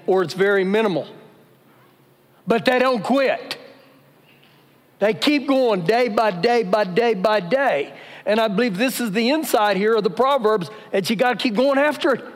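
A man preaching a live sermon as pastor, emphatic and repeating his key phrases. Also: sits high. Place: church sanctuary during a service. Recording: live church recording with long reverb.

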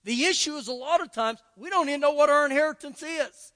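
A man's voice: very high-pitched, fast, bright, forceful tone. An older man with a Texan accent preaching a sermon as pastor, emphatic and repeating key phrases for stress. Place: church sanctuary. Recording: long church hall reverb.

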